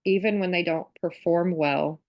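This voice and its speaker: Woman host, slightly low voice, relaxed chatty workshop talk over a computer mic. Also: moderate pace. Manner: casual and reflective, with frequent "like" and "um". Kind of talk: conversational online workshop talk.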